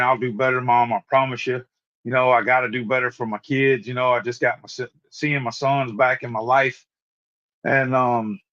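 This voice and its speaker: A man's voice: medium pitch, fairly bright tone. Man in his forties, earnest testimony storytelling, stumbling restarts, dull muffled live-stream sound. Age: 40s. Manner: earnest, frequent word repeats and restarts. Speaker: guest sharing a recovery testimony. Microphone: remote live-stream call.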